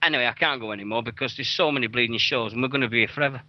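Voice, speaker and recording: Rapid-fire and mid-range, this young man runs a wrestling radio show, meandering through event listings in casual chat full of swearing and self-deprecation. There's no room sound, and the recording is dull, lo-fi, and dry.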